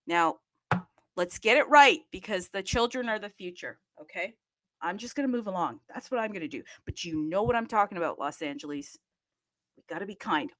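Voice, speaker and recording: A woman's voice: medium pitch, a bit bright. A woman hosting a live audio chat in a bubbly, rambling, chatty way. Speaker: host.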